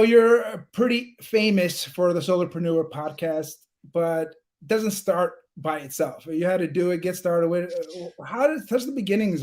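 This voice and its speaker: A man from New York with a New York accent, hosting a live-streamed interview in an upbeat, chatty way and calling on viewers to comment. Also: high-pitched. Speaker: livestream host.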